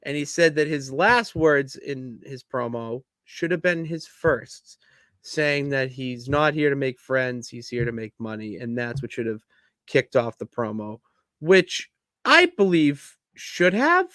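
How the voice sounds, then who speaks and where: A man co-hosting a wrestling podcast, chatting casually and telling stories in an animated way. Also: medium pitch, unhurried, dry recording, studio quality. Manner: animated storytelling, bursts into loud laughs. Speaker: podcast co-host. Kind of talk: casual chat.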